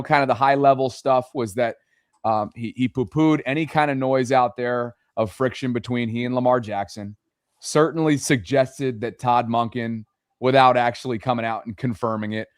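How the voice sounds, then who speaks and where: A man's voice: medium pitch, moderate pace, clear, resonant tone, dry recording, studio quality. A man hosting a casual sports roundtable podcast, rambling and joking as he sets up the topics. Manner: rambling, joking, many restarts. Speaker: podcast host.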